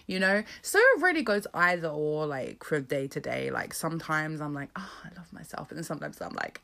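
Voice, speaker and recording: A woman's voice: deep voice, expressive, brisk, vocal fry, sharp tone. A woman musician talking casually to camera, rambling and self-mocking, often dropping to a whisper. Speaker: musician and creator. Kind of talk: casual personal vlog talk.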